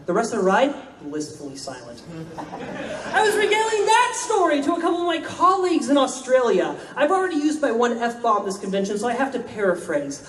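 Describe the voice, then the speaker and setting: A man from Florida telling wry, deadpan comic stories on a convention stage. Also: very high voice, a little fast, recorded from a distance, a little hiss or hum. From Florida, United States. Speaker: convention storyteller, comedian. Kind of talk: stand-up storytelling. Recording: roomy hall, voice from afar.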